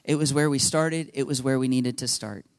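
A man pastor telling a story in his sermon, animated, laughing, and acting out quotes. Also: medium pitch, normal speed, clear, resonant tone, no room sound, studio quality.

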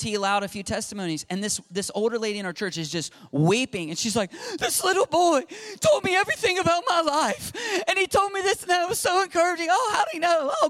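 A man in his forties giving an informal, earnest sermon-style talk on faith and parenting, acting out quotes as he goes. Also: high voice. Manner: earnest, lively, acts out quotes. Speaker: Christian speaker on parenting.

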